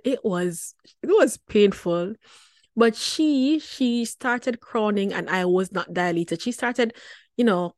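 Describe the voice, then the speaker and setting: A woman, hosting a wellness show and telling a personal story in a lively, chatty way with frequent laughter. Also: medium pitch, no room sound, studio quality. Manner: lively, chatty, laughs often, repeats words for emphasis.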